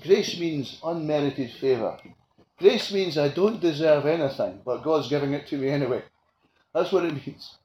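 Passionate male preacher, fairly high voice, big swings from loud declarations to quiet asides. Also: animated, moderate pace. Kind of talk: sermon. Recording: echoey room with faint ambient noise.

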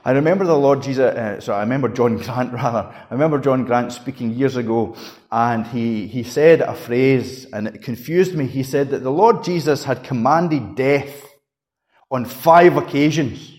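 A man's voice: mid-range voice, normal speed. Man preaching a dramatic sermon. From Scotland. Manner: dramatic emphasis, rising to a shout and dropping to a hush.

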